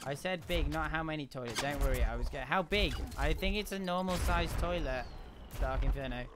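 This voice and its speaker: Excitable man streaming a game. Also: a little high, brisk, noisy background. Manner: excitable, cheers at the screen, chats with viewers. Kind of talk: live gameplay commentary.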